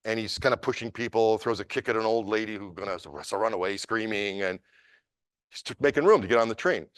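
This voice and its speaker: A man's voice: fairly low pitch, fairly quick, no echo, clean studio sound. Man telling a story at a seminar. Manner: animated, emphatic storyteller. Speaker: martial arts instructor.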